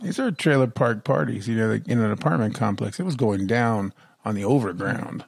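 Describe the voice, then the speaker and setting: Joking guy on a podcast, animated storyteller, dry sound. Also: fairly low pitch, fairly quick, creaky, husky, no room sound. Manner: jokey, boastful, animated storyteller. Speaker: podcast co-host. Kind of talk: casual podcast banter.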